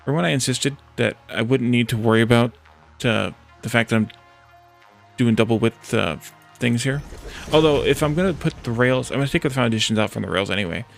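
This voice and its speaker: Brisk and gravelly, his mid-range voice comes over faint background music. He's streaming a building game in a chatty, casual way, replying to chat and thinking out loud through each step of the build.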